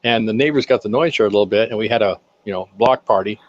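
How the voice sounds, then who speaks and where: An older man, the guest of an interview, telling folksy, animated anecdotes about his accounting work with contractors and acting out the quotes. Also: fairly low pitch, fast. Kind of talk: casual interview storytelling. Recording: slightly dull lo-fi sound.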